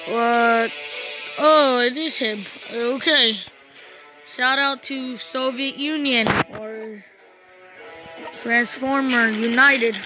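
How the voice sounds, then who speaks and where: A young gamer casually commenting on a strategy game she plays, rambling to herself and giving shout-outs to viewers. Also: high-pitched, fairly even intonation, takes it slowly, over music, rough recording. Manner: rambling, talks to herself while playing. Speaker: gaming channel host.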